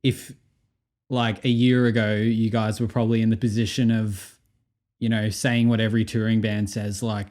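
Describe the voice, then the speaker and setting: A man's voice: lowish voice, little pitch movement, moderate pace, darkish tone. A man co-hosting a casual podcast, thinking aloud and correcting himself as he goes.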